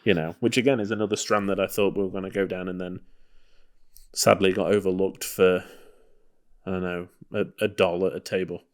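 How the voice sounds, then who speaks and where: With a voice that sits low and a steady tone, this podcast co-host talks briskly and casually about a film. His manner is loose and hedging, constantly leaning on "you know" and "kind of."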